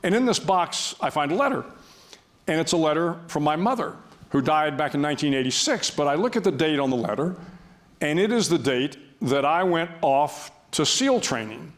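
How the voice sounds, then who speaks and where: A man's voice: on the high side, expressive, normal speed. An older man speaking as a guest before an audience, telling a story in a wry, self-deprecating way with frequent restarts.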